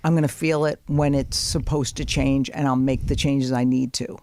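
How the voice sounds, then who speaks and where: A woman's voice: a bass voice, steady tone, normal speed, darkish tone, no room sound. A middle-aged woman hosting a podcast, chatting casually in a brash, profane way and laughing often. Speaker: podcast host. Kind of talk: casual comedic chat.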